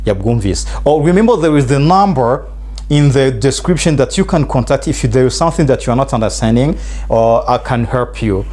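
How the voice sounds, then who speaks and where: A man's voice: mid-range voice, expressive, a little fast, darkish tone. A man with a Rwandan accent teaching an English lesson, switching between two languages and repeating phrases for students to drill.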